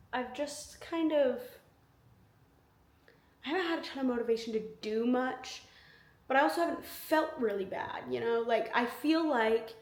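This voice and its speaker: A woman in her twenties talking casually to camera in a vlog, chatty and rambling with many fillers and restarts. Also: fairly high pitch. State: tired, yawning. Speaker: vlogger. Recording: echoey room.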